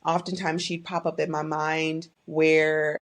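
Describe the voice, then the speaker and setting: A woman's voice: sits low, flat delivery, a little slow. A middle-aged woman hosting a podcast, talking candidly and from the heart about her own life. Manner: candid and heartfelt, faith-tinged, openly emotional. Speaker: podcast host. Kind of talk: personal monologue.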